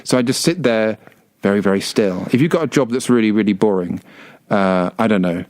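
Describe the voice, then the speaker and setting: A man's voice: lowish voice, a little fast, a little mellow, dry recording. A man co-hosting a radio show, telling rambling, self-mocking anecdotes with lots of restarts. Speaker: radio co-host. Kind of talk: casual on-air chat. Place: radio studio. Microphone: studio microphone.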